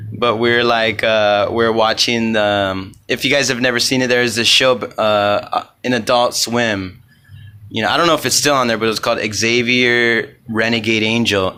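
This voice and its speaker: A man's voice: medium pitch, sharp tone, smooth. A man hosting a solo comedy podcast, rambling in an offhand way and swearing often.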